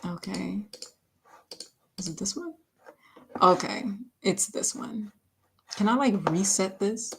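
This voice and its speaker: A woman's voice: medium pitch, slow, creaky, long pauses, slight background noise. A woman singer chatting casually on a livestream while mixing her own vocals, laughing often and saying "like" a lot. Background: faint music playback.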